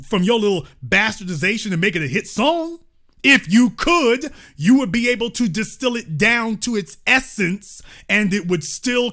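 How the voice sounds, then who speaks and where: With an extremely high, sharp voice, a man hosts a commentary show, heated in his monologue. He repeats his points emphatically and confrontationally in slangy, colloquial speech.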